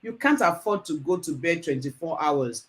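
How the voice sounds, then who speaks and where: A woman's voice: low-pitched, animated, normal speed. A woman hosting a business talk show, emphatic and enthusiastic. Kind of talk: interview hosting.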